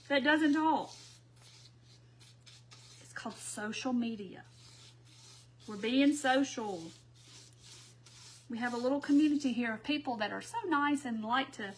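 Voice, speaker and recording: A woman paints during a casual craft livestream at home, chatting and laughing often with viewers she addresses as y'all. Her high, slightly bright voice moves a little slowly, with long pauses.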